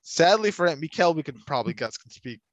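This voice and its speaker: A man's voice: a little high, expressive, fast talker, no echo, poor audio. Chatty young man recapping a show. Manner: chatty, laughs often, rambling asides. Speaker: podcast co-host recapping a TV show. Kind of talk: casual chat.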